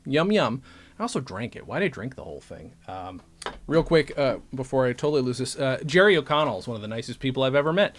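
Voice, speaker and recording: A man's voice: mid-range voice, lively intonation, fast. Rambling casual man, chatty vlogger. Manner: rambling, self-interrupting, joking. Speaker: vlogger and podcaster. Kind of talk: casual talk to camera.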